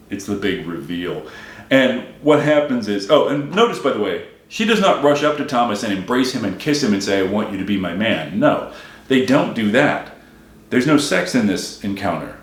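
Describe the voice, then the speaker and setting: A man's voice: fairly low pitch, echoey room. A man giving a wry, emphatic solo critique of a film, repeating his points for effect. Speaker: film commentator.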